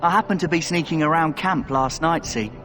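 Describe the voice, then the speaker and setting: A man's voice: on the high side, a little fast, natural voice. Daveth, a man playing a cocky young thief. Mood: sly. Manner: cocky, sly, chatty. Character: roguish young male thief recruit. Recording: game audio with clear music behind.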